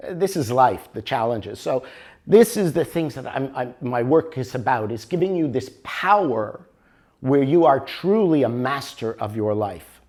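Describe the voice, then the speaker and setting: An older man teaching a motivational workshop, animated and always checking for agreement with the audience. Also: mid-range voice, a little slow. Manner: animated, keeps asking for agreement. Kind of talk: workshop lecture.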